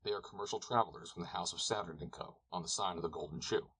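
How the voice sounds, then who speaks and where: Low husky guy reading an audiobook, calm and steady. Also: quick pace, rough recording. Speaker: audiobook narrator. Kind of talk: scripted narration.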